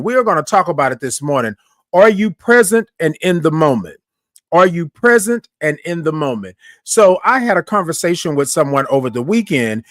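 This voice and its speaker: Hosting a live morning show, a man with a slightly high voice chats casually with viewers in a friendly, loose, Southern-style way, saying "y'all" often. He draws out each viewer's greeting into a slow, sung call. The recording is dry and close, with no room sound.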